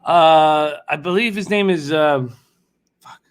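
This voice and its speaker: A man's voice: on the high side, slow, clear, resonant tone. A man hosting a live sports betting show, chatting loosely, swearing now and then while he places bets. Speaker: sports betting radio host. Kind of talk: casual live show chat.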